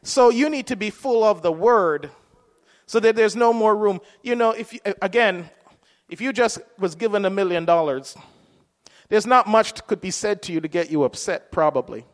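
A man's voice: high-pitched, moderate pace, big-room sound. A man preaching a sermon in a conversational way, asking his listeners rhetorical questions.

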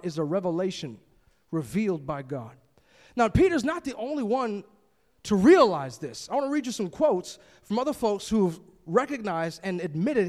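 A man's voice: sits high, big-room sound. A man preaching a sermon, reading scripture and commenting on it in an emphatic, conversational way.

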